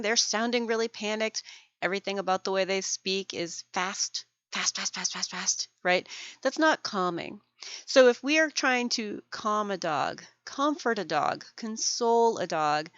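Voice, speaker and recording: A woman hosting a podcast for dog groomers, explaining things in an animated way, acting out examples and laughing often. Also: mid-range voice, dry recording, lo-fi sound. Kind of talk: educational podcast monologue.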